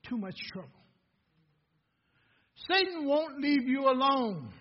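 A man preaching a sermon as a pastor, asking the congregation questions and swinging between hushed passages and loud, building lines. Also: very high voice, big pitch swings, slow. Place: church sanctuary. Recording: dull lo-fi recording in a reverberant hall.

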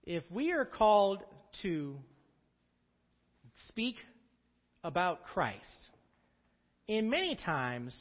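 A man's voice: high voice, wildly swooping pitch, drawn-out words, long pauses, big-room sound, dull audio. A man preaching a sermon as pastor, calling out to the congregation for responses.

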